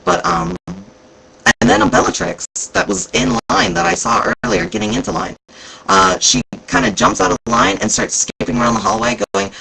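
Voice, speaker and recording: A man vlogging casually about a convention, rambling and excitable, with plenty of fillers. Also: high voice, moderate pace, gravelly, slight background noise, rough recording. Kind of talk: casual chat recounting events.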